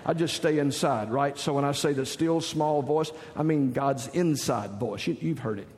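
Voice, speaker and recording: The voice belongs to a middle-aged Southern United States pastor, medium in pitch with a darkish tone and a moderate pace. He preaches folksily, telling stories and cracking jokes. The recording echoes with a large hall's long reverb.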